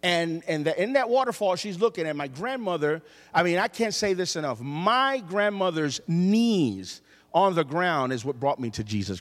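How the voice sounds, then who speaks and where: Lively, high-voiced preacher man in a reverberant church. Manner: lively, jokey, audience call-and-response. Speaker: pastor. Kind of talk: storytelling sermon. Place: church sanctuary. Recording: long reverb in a church hall.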